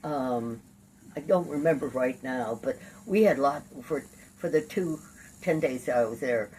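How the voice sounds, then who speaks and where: An older woman, a lawyer and activist, recounting her life in an oral history interview, lively and salty, acting out the people in her stories. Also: extremely low pitch, a little slow, far from the mic, a little hiss or hum, low-quality recording. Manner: lively raconteur, laughs and curses while acting out scenes.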